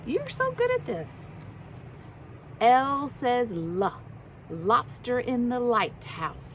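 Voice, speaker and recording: A woman teacher leading a children's phonics lesson outdoors, sounding out each letter slowly and clearly with encouraging praise. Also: a little high, big pitch swings, slight background noise. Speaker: preschool teacher. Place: outdoors at home.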